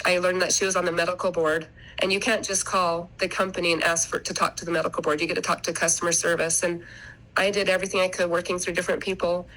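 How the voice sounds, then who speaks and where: A middle-aged woman, a mother of three, tells her family story as a podcast guest in a casual interview. Her lowish, fairly bright voice comes through a low-quality recording, and she rambles earnestly, often restarting sentences.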